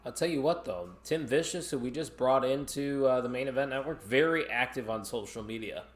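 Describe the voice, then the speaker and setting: A man's voice: medium pitch, a little fast. A man co-hosting a live watch-along stream, chatting casually and reacting to the action while reading viewer comments.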